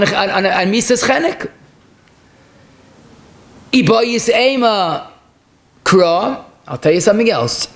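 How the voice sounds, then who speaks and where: A rabbi with a fairly high voice teaches a Talmudic class, pressing his points with emphatic rhetorical questions. He weaves dense Hebrew and Aramaic legal terms through his English. The sound is roomy, with echo off the walls. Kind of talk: Talmudic lecture.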